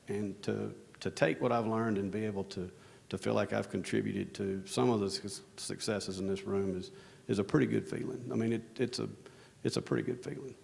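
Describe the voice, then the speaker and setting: A man with a very gravelly, low voice tells stories on a conference stage. He talks in loose, rambling runs full of "you know" and jokes at his own expense. The long ring of a large hall follows his words. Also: a little mellow. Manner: rambling, self-deprecating, lots of restarts and "you know". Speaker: conference speaker, operations executive. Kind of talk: casual storytelling on stage. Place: conference hall stage under bright lights.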